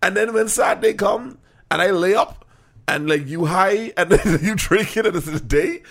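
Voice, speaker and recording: A man's voice: high-pitched, moderate pace, creaky, a bit bright. A man co-hosting a podcast, joking and laughing loosely with his friend. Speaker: podcast co-host. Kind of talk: casual chat.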